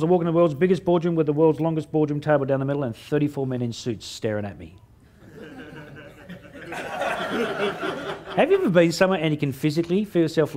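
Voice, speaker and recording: This middle-aged Australian man, a motivational speaker, has a voice that's a little high and a little mellow. He's delivering a funny stage talk, telling a story and playing out the dialogue at his own expense.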